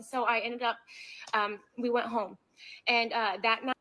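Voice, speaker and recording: A woman retelling a frightening encounter in a halting, repetitive way, returning again and again to her apology. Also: fairly high pitch, steady tone, bright, forceful tone, low-quality recording. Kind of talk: clip of an emotional personal story.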